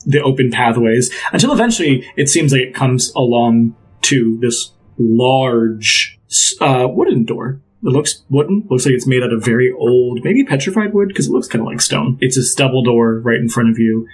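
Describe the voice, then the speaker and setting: A man's voice: mid-range voice, lively intonation, moderate pace, slightly rough, poor audio. A man narrating as game master, describing scenes in a loose, rambling way with many fillers.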